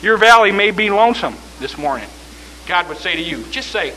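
Fervent preacher with a bright, high voice. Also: male voice, lively intonation, fairly quick, a little hiss or hum, low-quality recording. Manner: fervent, swinging from shouts to hushed tones. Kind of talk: sermon.

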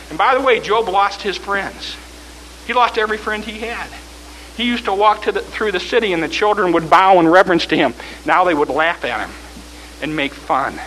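A man preaching a fervent sermon, swinging from shouts to hushed tones. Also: high-pitched, rough recording.

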